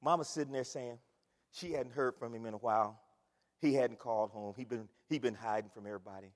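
An older man preaching an impassioned sermon, swinging from shouting to hushed tones. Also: medium pitch, brisk, in a large hall.

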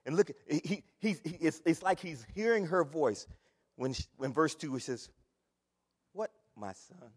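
An older man preaching an impassioned sermon, swinging from shouting to hushed tones. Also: on the high side, animated, normal speed, husky, in a large hall.

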